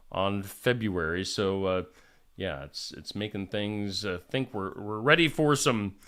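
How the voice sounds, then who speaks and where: Male live-stream host, chatty and animated, good-humored banter. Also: mid-range voice. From Iowa. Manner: chatty, jokey, reads out viewer names. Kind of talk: casual live-stream chat.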